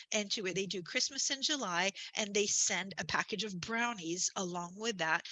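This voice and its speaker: Bright-voiced woman coaching in a chatty way. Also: mid-range voice, dry recording, rough recording. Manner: upbeat, chatty, with asides and self-corrections. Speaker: business coach. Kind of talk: conversational marketing presentation.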